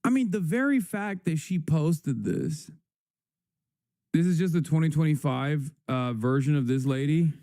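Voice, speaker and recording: A man reacts to clips on a live stream, sarcastic and exasperated and quick to swear. His voice sits a little high but sounds dark and mellow. The sound is dry and close. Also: no room sound. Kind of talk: casual profane commentary.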